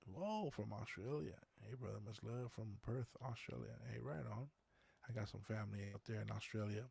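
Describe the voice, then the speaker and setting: A man's voice: fairly low pitch, normal speed, vocal fry, a little mellow, breathy edge, dry recording. A man hosting a podcast, chatting casually in a rambling, conversational way and reading viewer comments aloud. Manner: rambling, conversational, many fillers. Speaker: podcast host.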